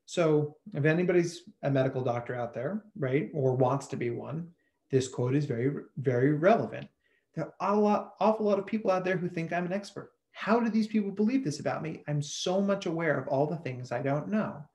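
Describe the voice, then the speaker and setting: A man and psychologist giving a lively, chatty webinar presentation over a video call. He often repeats words as he thinks out loud. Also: on the high side, brisk.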